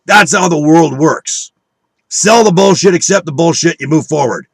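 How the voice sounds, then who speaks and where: A man with a husky, slightly raised voice, ranting in a combative, profane and scornful way as he preaches at his viewers. The recording is dry and close, with no room sound. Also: on the high side, moderate pace, dry recording. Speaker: online video speaker. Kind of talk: angry conspiracy rant.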